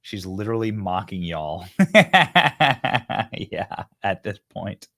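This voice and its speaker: A man with a somewhat low voice hosts a commentary show. He talks in a sarcastic, mocking tone and laughs readily between remarks. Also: measured pace. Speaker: host. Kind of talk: political commentary.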